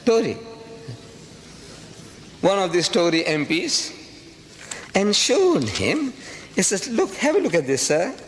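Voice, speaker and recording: An older man from South Africa delivers an impassioned lecture, hammering his points home through repetition and rhetorical questions. His voice sits fairly high and swings widely in pitch. The recording carries a long hall reverb and a faint hiss. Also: wildly swooping pitch, measured pace, fairly bright tone. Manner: impassioned, rhetorical, repeats phrases for emphasis. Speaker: public speaker. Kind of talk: lecture to a live audience.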